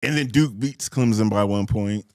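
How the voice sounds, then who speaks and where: A man co-hosting a podcast in casual chat, upbeat and animated, signing off loudly. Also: fairly low pitch, normal speed, dry recording, studio quality. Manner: animated, loud sign-offs. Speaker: podcast co-host.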